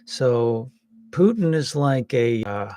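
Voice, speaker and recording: A man giving casual, rambling political commentary, hesitant with many pauses and some wry jokes. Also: medium pitch, expressive, dark tone, no echo, clean studio sound. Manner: wry and joking.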